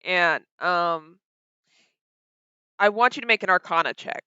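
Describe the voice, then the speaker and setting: A dungeon master narrating a tabletop game, halting with many fillers. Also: medium pitch, sharp tone, smooth, no echo, highs cut off.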